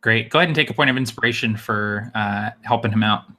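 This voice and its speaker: A man's voice: fairly low pitch, fast, bright, forceful tone. A man narrating a tabletop role-playing game as game master, describing the action in an easygoing way with frequent fillers.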